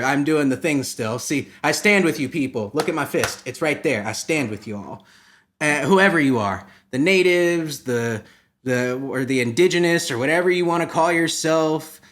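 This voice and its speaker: A podcast host with a fairly high voice rants satirically on his comedy show. His delivery is rambling and profane, repeatedly breaking into loud mock outrage.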